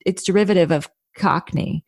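A woman from New Jersey with a low, gravelly voice, speaking as an actress guest in a casual interview. She tells stories and laughs easily, recorded close and dry. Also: normal speed, darkish tone, no room sound. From North New Jersey.

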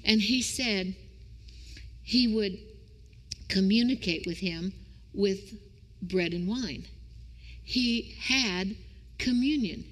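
A woman preaching a sermon with emphatic rhetorical questions that climb into high, excited exclamations. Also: takes it slowly, pauses often. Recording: reverberant hall.

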